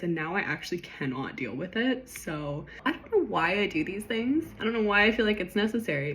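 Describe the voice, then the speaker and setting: A woman with a somewhat low voice recaps her own story in a loose, chatty monologue. She is self-deprecating and often trails off mid-thought. A faint hiss sits under the recording. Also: a bit bright.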